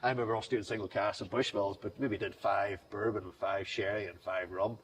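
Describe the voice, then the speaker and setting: A whiskey brand founder appears as a guest in a casual interview, talking fast in a rambling, enthusiastic salesman style full of restarts. His voice is on the low side with a steady tone, picked up by a distant mic with faint background noise.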